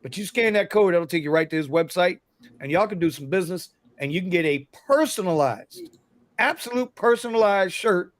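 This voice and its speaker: A man's voice: sits high, expressive, fairly quick, no echo. A man hosting a casual livestream chat, telling a story in a chatty, slangy way. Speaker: livestream host.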